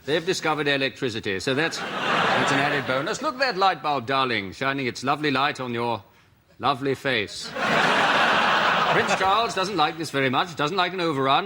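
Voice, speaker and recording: A man's voice: medium pitch, expressive, normal speed. A man on a comedy panel show improvising wry mock commentary over news footage. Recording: loud noise behind.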